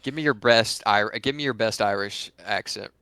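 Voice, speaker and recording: A man's voice: lowish voice, normal speed, pushed and bright, smooth, dry recording, clean studio sound. A man co-hosting a casual sports podcast over drinks, joking and teasing. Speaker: podcast co-host.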